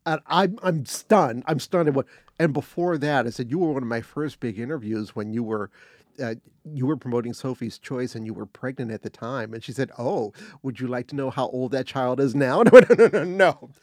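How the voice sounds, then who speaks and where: An older man telling a casual anecdote as a guest, animated, acting out quotes and restarting phrases. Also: medium pitch, normal speed, no echo, clean studio sound. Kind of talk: casual storytelling.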